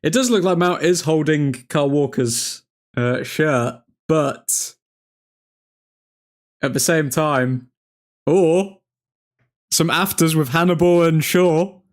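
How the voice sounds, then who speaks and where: A man hosting a live football watchalong, reacting to each chance with loud excitement and grumbling at the referee. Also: a little high, takes it slowly, long pauses. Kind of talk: live match commentary.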